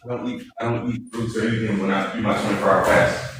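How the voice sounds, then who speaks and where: A man's voice: on the low side, flat delivery, fast. A young man co-hosting a livestream, upbeat and self-assured in casual chat. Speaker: livestream co-host. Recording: very echoey room with noticeable noise.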